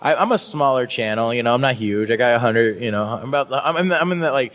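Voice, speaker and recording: A man's voice: mid-range voice, fast, fairly bright tone. A YouTuber man as a guest on a live podcast at a convention, chatting casually with frequent laughs and restarts. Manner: laughs often, many restarts.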